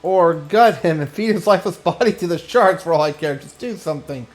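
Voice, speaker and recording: A man's voice: on the high side, expressive, a little fast, faint music behind, voice pushed up, close to an everyday voice, rough recording. A man voicing an indignant, complaining townswoman from a game, wailing over her misfortune.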